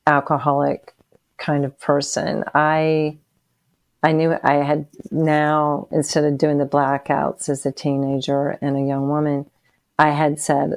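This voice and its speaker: Podcast guest: a woman in her sixties with a low, gravelly voice, halting and emotional as she tells her testimony. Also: a little mellow, no room sound. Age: 60s. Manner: halting and emotional, with frequent restarts. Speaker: interview guest. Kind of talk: personal testimony in a podcast interview.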